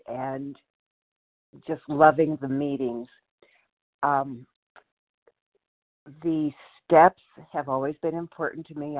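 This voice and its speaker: A woman sharing at a recovery meeting, steady and grateful. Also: rumbling low. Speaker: longtime meeting member sharing. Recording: tinny phone-like call audio.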